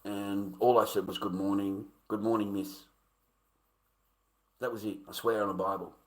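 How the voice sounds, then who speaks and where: A man's voice: lowish voice, little pitch movement, normal speed. A man who grew up in America, telling a story in a casual, rambling way and swearing freely as he retells a confrontation. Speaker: streamer.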